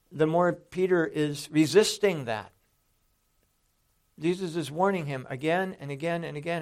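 A man preaching a sermon in an earnest, conversational way, often restarting his sentences. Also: fairly high pitch.

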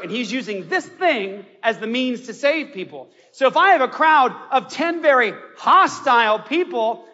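A man preaches with a very high, bright, forceful voice, telling his story with fervor. His words ring out through a long church reverb. The recording is dull and lo-fi. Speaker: pastor. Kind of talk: sermon. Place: church sanctuary.

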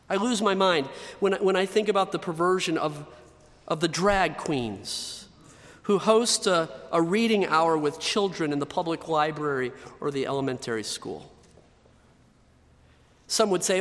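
Male pastor, slightly high voice, emphatic repeated-phrase delivery, sanctuary reverb. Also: expressive, measured pace, fairly bright tone. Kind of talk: sermon.

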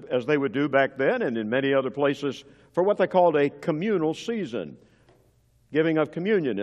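A middle-aged male pastor preaching from the pulpit with a slightly high voice. His delivery is earnest and emphatic, pressing hard on key words, and the sound rings with the long reverb of a big church hall. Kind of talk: sermon. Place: church sanctuary.

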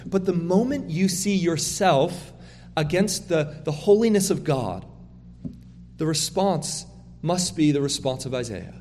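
A man with a slightly raised speaking pitch preaches in an earnest, emphatic manner, often doubling back on his words to press a point. His voice carries the long reverb of a big hall. The delivery is that of a pastor working through a sermon. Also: expressive, measured pace, darkish tone, a little hiss or hum.

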